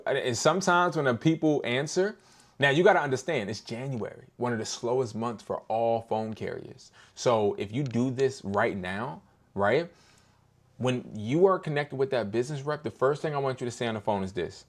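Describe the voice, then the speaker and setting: A young man hosts a casual livestream lesson in street slang, his pitch swinging widely as he talks. He plays out sales calls in a lower register and then breaks into loud, excited bursts. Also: moderate pace. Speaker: host of a live business workshop.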